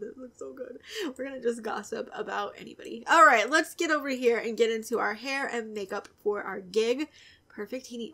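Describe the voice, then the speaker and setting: A young woman giving casual, giggly commentary as she plays a life-simulation game, often dropping to a soft near-whisper. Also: fairly high pitch, a little fast, creaky. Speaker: gaming video creator. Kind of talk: casual let's-play commentary.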